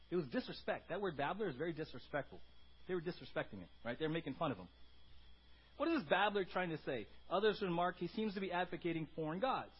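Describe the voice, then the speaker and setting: A pastor giving a conversational sermon, often tagging points with "right?" and moving between loud emphasis and quiet asides. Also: male voice, fairly high pitch, breathy edge, lo-fi sound.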